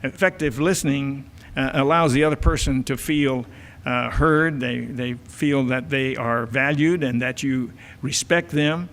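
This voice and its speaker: A fairly bright, mid-range male voice, a little slow and fairly even in intonation, belongs to an older church elder and marriage counselor. In a church auditorium with hall reverb, he gives a folksy family-life talk loaded with uhs and repeated words.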